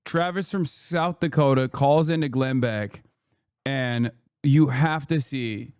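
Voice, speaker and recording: A man streaming reaction commentary, profane, animated and mocking. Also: mid-range voice, slow pace, clean tone, no echo, clean studio sound.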